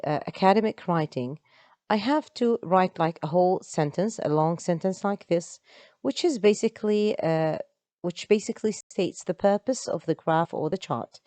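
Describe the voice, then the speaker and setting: Low, mellow woman teacher. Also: no echo. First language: Arabic. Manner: patient, explaining step by step. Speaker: English teacher. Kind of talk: online English lesson.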